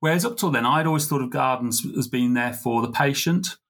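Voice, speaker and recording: A middle-aged man, a podcast guest, telling a heartfelt story in an earnest, halting way. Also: mid-range voice, fairly bright tone. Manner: earnest, halting, full of fillers and restarts. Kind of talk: conversational storytelling.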